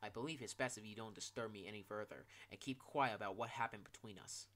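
A man voicing an ancient talking building block in a game. The block speaks in a low, hushed and formal way, and stays solemn and aloof. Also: quick pace, natural voice.

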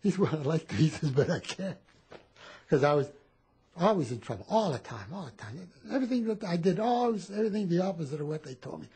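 An old man in his eighties tells war stories in a rambling, animated manner. His voice is deeply husky and dark, and his pitch swings widely as he acts out the people in his tales. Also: fast. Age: 80s. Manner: rambling, animated storytelling with repeated phrases. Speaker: war veteran interviewee. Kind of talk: telling war stories in a home interview.

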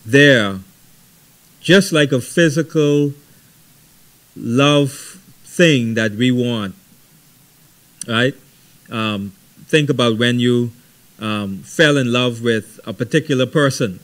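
A middle-aged man leading a Bible study, teaching conversationally with lively stories and frequent "right?". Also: medium pitch. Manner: animated storytelling, frequent ums and repeated "right?".

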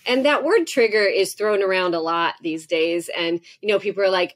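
A woman's voice: medium pitch, moderate pace, few pauses. A woman in her forties, a professor guest on a podcast, talking candidly and acting out heated exchanges as she tells stories. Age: 40s. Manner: animated storytelling, acts out heated exchanges with laughter.

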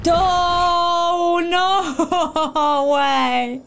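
A woman streaming a game playthrough, yelling and squealing in excited reactions as she plays. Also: very high-pitched, very slow. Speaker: gameplay streamer. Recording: loud game music behind.

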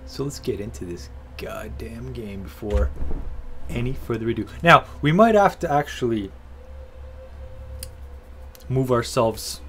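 A man's voice: medium pitch, animated, measured pace, pauses often, a bit bright, soft background music. A man doing casual, foul-mouthed let's-play commentary, joking and talking to himself and the game. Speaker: gaming video host.

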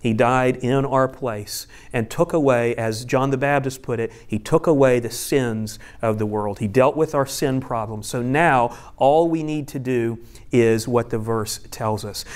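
A male pastor giving a conversational teaching sermon, explaining step by step with friendly asides. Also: medium pitch. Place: church room with a screen.

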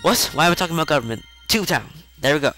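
A man casually commenting on a video game as he plays, chatty and rambling, with self-mocking asides and excited outbursts. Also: a little high, very fast. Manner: excitable outbursts during play. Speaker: video game let's-play host. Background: faint game music.

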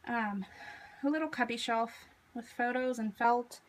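Woman in her 30s chatting thru a craft room tour, bit high voice, camera mic, faint room noise. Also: measured pace, low-quality recording. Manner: chatty, filler-heavy, self-deprecating. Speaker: craft vlogger. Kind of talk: casual room tour narration. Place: home craft room, indoors.

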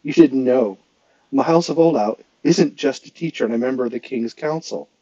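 A man's voice: mid-range voice, normal speed, dark tone, no echo, muffled recording, natural voice. A man reading aloud and voicing a smug teenage page who talks in a knowing, confiding way.

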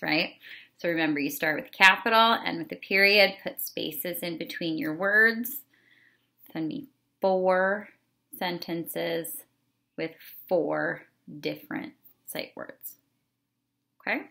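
A woman teacher talks young children through their schoolwork in a slow, patient, exaggerated way. Her voice sits low for a woman, with a gravelly edge and a bright, forceful tone. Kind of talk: remote lesson for young children.

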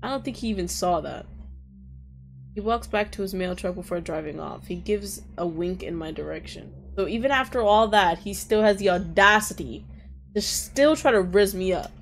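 Mulher lendo um jogo de romance em voz alta. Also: female voice, medium pitch, lively intonation, normal speed, vocal fry, faint music behind. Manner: reads dialogue aloud, reacts with loud outbursts and laughs. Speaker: gaming streamer. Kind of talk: reading a visual novel aloud with reactions.

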